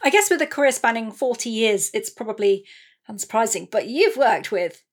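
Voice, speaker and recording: Woman, interviewer, measured questions, fairly high voice. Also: lively intonation.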